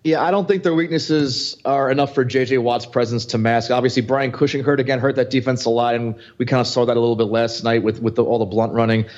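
Man, quick talker, rambling with restarts, muffled audio. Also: medium pitch, fairly even intonation, darkish tone. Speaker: fantasy football podcast co-host. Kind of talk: casual sports chat.

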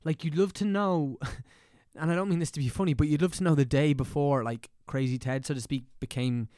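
A man's voice: a little high, brisk, dark tone, dry recording, studio quality. A man hosting a casual interview, easygoing and a little scattered, with frequent short agreements. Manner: easygoing, scattered, many brief backchannels. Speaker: podcast host.

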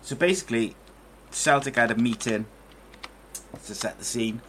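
A man's voice: mid-range voice, animated, moderate pace, a bit bright, slight background noise. A man hosting a casual football podcast, talking in a loose, rambling way with lots of fillers. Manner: chatty, rambling, many fillers. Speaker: podcast host. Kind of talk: casual chat.

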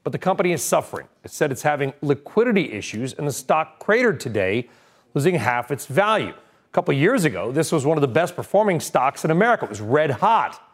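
Male news anchor with a fairly high voice and lively, swinging pitch, brisk and animated as he runs the segments. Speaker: news show host. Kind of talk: cable news presenting.

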